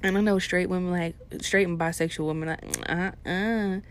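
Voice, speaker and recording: A young woman delivering a profane comedic rant, swinging between hushed asides and loud outbursts. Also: fairly low pitch, steady tone, quick pace. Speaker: vlogger.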